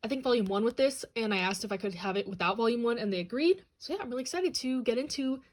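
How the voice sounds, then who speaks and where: A young woman hosting a manga haul and unboxing vlog, talking casually and gushing with excitement over her items. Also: on the high side, fast talker. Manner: bubbly and gushing, excitable asides. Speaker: channel host.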